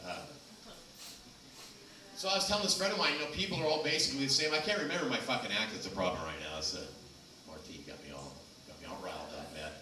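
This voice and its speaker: A man's voice: on the low side, fast talker, pushed and bright. A man from Los Angeles doing a loose, rambling stand-up set with crowd work. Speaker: stand-up comic. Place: small comedy venue. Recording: echoey room from far off, noisy.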